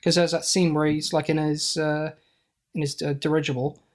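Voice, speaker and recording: A man's voice: fairly high pitch, flat delivery, moderate pace. A man co-hosting a podcast in casual banter, hesitant and giggly with many fillers. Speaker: podcast co-host.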